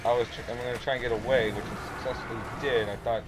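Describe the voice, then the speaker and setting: A man's voice: mid-range voice, fairly even intonation, fast, music in the background, poor audio. Casual male gameplay commentator. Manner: casual, rambling, play-by-play. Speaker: gamer, channel host. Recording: game sounds behind the voice.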